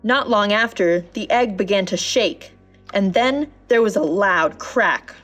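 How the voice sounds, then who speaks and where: A woman narrating a children's storybook in a gentle, measured reading voice. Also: medium pitch, lively intonation, faint music behind.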